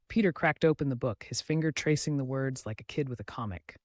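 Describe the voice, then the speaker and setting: A man giving scripted narration of a comic cartoon story in a wry, deadpan manner. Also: medium pitch, brisk, few pauses, no room sound, studio quality.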